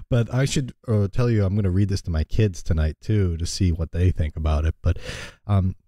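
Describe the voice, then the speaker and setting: A man's voice: low voice, moderate pace, warm tone, dry recording, clean studio sound. A man co-hosting a radio talk show, chatting casually and laughing easily with his partner. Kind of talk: casual chat and reading a fable aloud.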